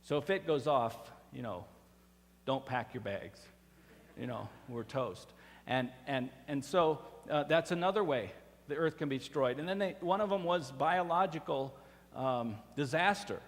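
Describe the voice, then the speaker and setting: A man's voice: medium pitch, unhurried. A man preaching a sermon as pastor, in a conversational style with fillers and restarts, from a church sanctuary. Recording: reverberant church hall.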